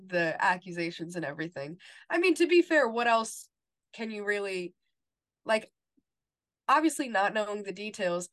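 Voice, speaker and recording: A young woman co-hosting a podcast, chatting casually and retelling scenes at length. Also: lowish voice. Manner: retells scenes at length, quoting lines in a soft flat read. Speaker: podcast co-host. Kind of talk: casual chat recapping a TV episode.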